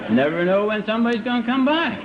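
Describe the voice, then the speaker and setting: An older man giving a recovery meeting talk, telling his story with dry, self-mocking humor and slow, deliberate timing, in a muffled old live recording. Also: high-pitched, sing-song, very noisy. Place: meeting hall.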